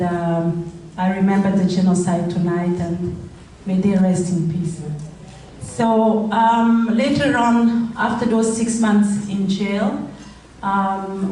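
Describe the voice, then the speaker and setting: A middle-aged woman from Rwanda with a French accent, giving a halting speech as a charity founder at a gala. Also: medium pitch, warm tone, a little hiss or hum. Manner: halting, with many fillers. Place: event hall. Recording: roomy hall audio from far off.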